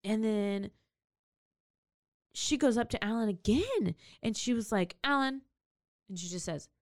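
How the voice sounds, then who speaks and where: A woman's voice: mid-range voice, a little slow, dry recording, clean studio sound. A woman co-hosting a podcast, telling a true-crime story casually and acting out the people in it. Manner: animated, acts out characters with big swings in voice. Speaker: podcast co-host.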